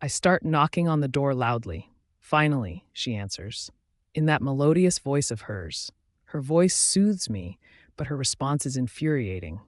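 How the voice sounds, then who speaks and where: A man narrating a fantasy romance audiobook in the first person, with expressive, dramatic inner monologue. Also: medium pitch, normal speed, no echo, clean studio sound.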